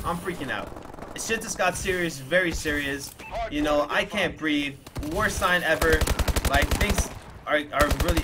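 Young male vlogger, slightly high voice, emotional storytime delivery, loose and profane, game gunfire audible underneath. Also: normal speed, noisy background. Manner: casual, emotional retelling with swearing and repeated fillers. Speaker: gaming YouTuber.

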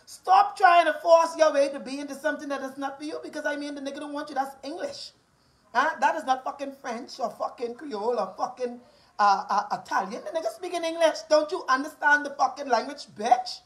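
A high-pitched Bahamian woman in her forties, talking straight to her listeners in an angry rant. She is profane and combative, hammering the same taunts again and again. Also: a little fast, low-quality recording.

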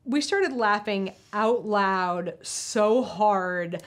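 A woman in her thirties co-hosting a casual chat, telling an animated, swearing story full of restarts and laughter. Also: medium pitch, very slow. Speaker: podcast co-host.

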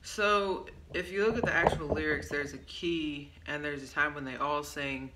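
A woman's voice: low voice, fairly even intonation, normal speed. A woman casually talking through a song she wrote, rambling with lots of ums and stopping to correct herself. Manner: rambling, loose, with many ums and self-corrections. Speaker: songwriter presenting her song. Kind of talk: casual vlog chat. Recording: roomy echo, faint background hiss.

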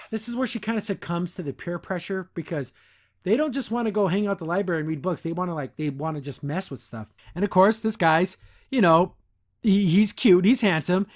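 A young man with a high voice hosts a podcast, giving casual, animated reaction commentary on a cartoon. He's chatty, laughs a lot, and quotes characters in quick voices.

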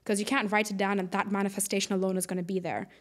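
A woman in her late twenties or thirties talks in a relaxed interview. She sounds upbeat and laughs often. When she acts out what other people said, her voice shifts for each of them. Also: mid-range voice, very fast. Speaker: podcast guest, air traffic controller. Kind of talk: casual interview chat.

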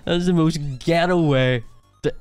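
A man's voice: fairly high pitch, moderate pace, darkish tone, smooth, faint music behind. Amused man commenting on a clip. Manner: amused, laughing, mocking. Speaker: reaction video host. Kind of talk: casual commentary over footage.

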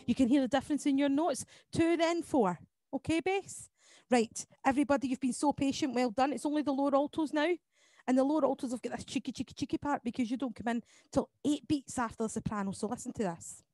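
A woman leading an online choir lesson, explaining each part and counting beats aloud between quick sung demonstrations. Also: high-pitched, dark tone, no room sound. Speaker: choir leader. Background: piano accompaniment.

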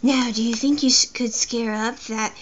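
A woman voicing a creepy, pompous male king from a handheld game, reading his lines in a theatrical, booming way. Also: fairly even intonation, moderate pace, a little hiss or hum, natural voice. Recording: muffled lo-fi recording.

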